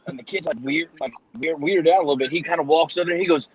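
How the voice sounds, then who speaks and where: A man's voice: a little high, quick pace, breathy edge, poor audio. A man telling a long joke in casual chat, rambling and acting out the characters' voices. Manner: rambling storyteller, acts out voices.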